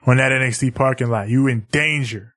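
A man co-hosting a casual wrestling podcast, recapping match results in a plain, even way between brief agreements. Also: mid-range voice, a little fast. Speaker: podcast co-host.

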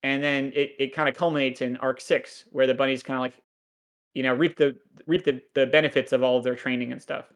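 A man's voice: medium pitch, little pitch movement, a little fast. A man in his thirties co-hosting a podcast, recapping a cartoon in a crude, sardonic, rambling way with lots of swearing. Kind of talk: casual podcast chat.

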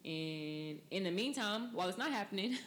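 A woman's voice: medium pitch, lively intonation, moderate pace, a bit bright. A woman in her twenties hosting a podcast, loose and chatty with lots of fillers. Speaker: podcast host. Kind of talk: casual chat.

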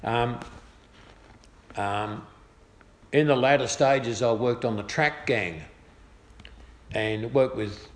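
A middle-aged man with an Australian accent tells a personal story in a chatty, good-humoured way. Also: mid-range voice. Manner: chatty, good-humoured, lively voiced quotes. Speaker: speaker sharing a personal testimony. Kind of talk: casual storytelling. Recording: echoey room with faint ambience.

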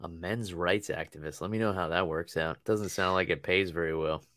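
On a podcast, a male co-host in his thirties chats casually, spinning long rambling stories and laughing often. His voice sits low with a steady tone, normal speed, and a slightly bright quality, recorded clean in a studio with no room sound.

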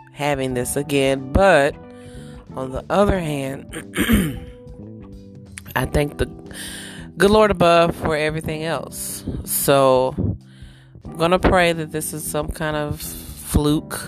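A woman hosting a podcast in a casual, chatty monologue, with a throat roughened by allergies; she keeps pausing to clear her throat and cough. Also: low voice. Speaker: podcast host.

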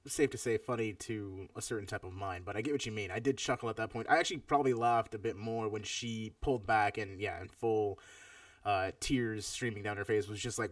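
A man's voice: fairly low pitch, fairly even intonation, fairly quick, a bit bright, no room sound, far from the mic. A man in his thirties chatting casually while reviewing a film, reflective and rambling with many fillers. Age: 30s. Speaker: podcast co-host.

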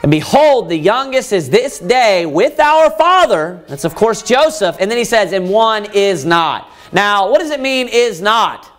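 In a sermon delivered at a moderate pace with few pauses, a preacher reads scripture in a high, lively voice that rises and falls widely. He presses listeners with rhetorical questions, getting louder as he quotes the brothers begging.

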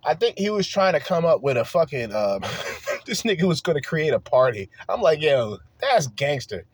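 A man's voice: on the high side, big pitch swings, normal speed, husky, dry recording. A man hosting a podcast, ranting in a heated, profane, emphatic way and firing off rhetorical questions. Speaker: podcast host. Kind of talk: solo opinion rant.

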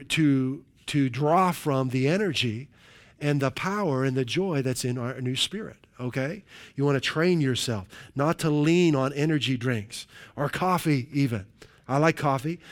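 A man preaching with a lively, somewhat high-pitched voice. He keeps up a sermon full of hallelujahs and quick jokes to the room, checking in with "right?" between points. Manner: jokey asides to the congregation. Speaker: pastor.

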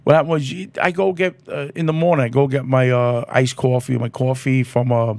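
A man's voice: mid-range voice, fairly even intonation, a little fast, a little mellow, no echo. A man, a podcast guest telling brash, profane, jokey stories and laughing often. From New York City. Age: 50s. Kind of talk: casual chat, storytelling.

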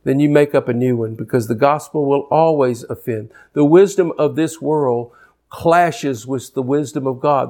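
A man preaching a sermon, swinging between loud declarations and low, intense asides. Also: moderate pace.

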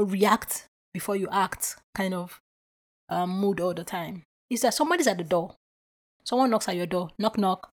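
Chatty woman podcaster musing aloud. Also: mid-range voice. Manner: animated storyteller who acts out quoted voices; chatty and reflective with frequent filler words. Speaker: podcast host. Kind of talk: casual solo podcast monologue.

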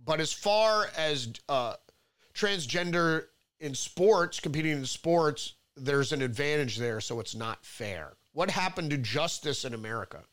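Rambling, fairly high-voiced male commentator. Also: expressive, a little slow, a bit bright. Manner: rambling, repetitive restarts, mocking outbursts. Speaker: political commentary host. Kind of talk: solo political commentary, reading headlines.

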